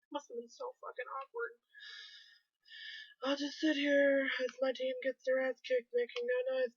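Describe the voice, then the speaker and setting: A woman's voice: medium pitch, pushed and bright, dry recording. A young woman vlogging in a casual, gushing and sarcastic way, swearing often. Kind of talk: casual chat. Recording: dry, dull lo-fi sound.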